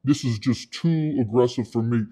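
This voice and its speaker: A man voicing an unimpressed woman investor who dismisses a pitch in a dry way. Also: moderate pace, warm tone, lightly acted. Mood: dismissive.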